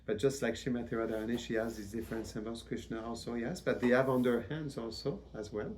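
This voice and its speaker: Man giving a slow devotional lecture. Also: mid-range voice, fairly even intonation, darkish tone, a little hiss or hum. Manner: measured, reverent delivery with frequent restarts. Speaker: spiritual teacher.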